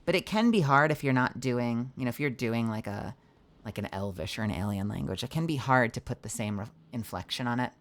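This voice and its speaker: A woman's voice: very deep voice, lively intonation, fairly quick. A woman streaming a video game, chatting casually with lots of "like" fillers and swearing, reading the game text aloud. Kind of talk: casual gameplay commentary.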